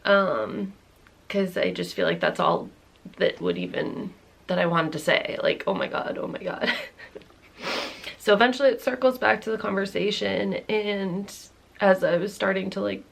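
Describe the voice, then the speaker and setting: A woman's voice: medium pitch, vocal fry. A woman in her thirties telling a personal story to camera in a rambling, candid way, full of "like"s, swearing and nervous laughs. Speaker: vlogger.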